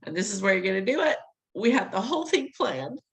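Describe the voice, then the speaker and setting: A woman's voice: medium pitch, big pitch swings, fast, vocal fry, a little hiss or hum, rough recording. A middle-aged woman telling a personal story in an interview, acting out the voices she quotes and laughing between lines. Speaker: interview guest.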